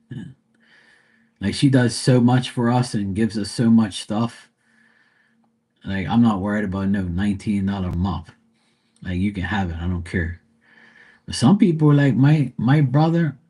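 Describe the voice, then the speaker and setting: A man running a live tarot stream, talking off the cuff in a blunt, profane, rambling way. His voice is husky, at an ordinary middle pitch for a man. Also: moderate pace, pauses often, warm tone. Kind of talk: casual livestream chat.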